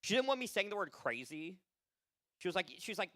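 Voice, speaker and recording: A tired man doing an open mic comedy set tears through a rambling, profane routine at a fairly quick clip, very animated throughout. His high voice swings widely and comes across bright and sharp, and he laughs at his own jokes. The recording is dry and close.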